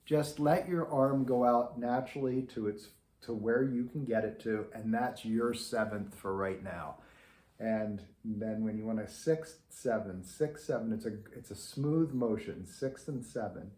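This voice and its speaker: A man's voice: fairly low pitch, measured pace, darkish tone. A man teaching beginner trombone in an easygoing, conversational way, demonstrating as he explains. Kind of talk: relaxed instructional talk to camera. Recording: echoey room.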